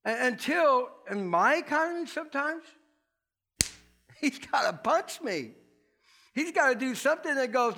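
A male pastor delivers a loose, conversational sermon in a high, light voice. He chuckles often and acts out quoted voices as he goes. At times he drifts off the mic and his voice falls quieter. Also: very animated, a little slow, gravelly, long pauses.

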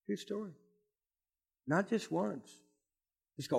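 A man's voice: high-pitched, very animated, normal speed, gravelly, pauses often, husky. A middle-aged man preaching a sermon as pastor, fiery and emphatic.

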